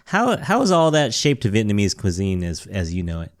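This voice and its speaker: Podcast host; curious, rambling questioner who laughs a lot; animated intonation, dry sound. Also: low-pitched, moderate pace, no room sound. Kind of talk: casual interview.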